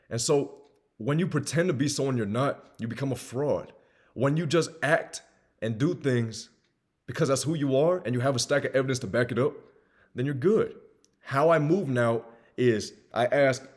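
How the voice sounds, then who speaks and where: A faintly Southern-accented self-improvement host in his twenties speaks earnestly to camera in a mid-range voice. He leans on repetition and emphasis, veering from loud encouragement to quiet admissions.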